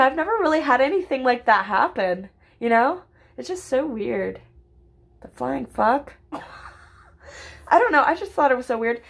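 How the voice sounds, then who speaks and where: A young woman talking straight to her viewers in a loose, rambling storytime. Her voice sits a little high, and her talk is full of "like" and "literally", with free swearing and sudden excited squeals. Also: creaky, breathy edge. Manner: chatty, swears a lot, frequent "like, literally", bursts of excited squealing. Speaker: vlogger. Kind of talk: casual storytime.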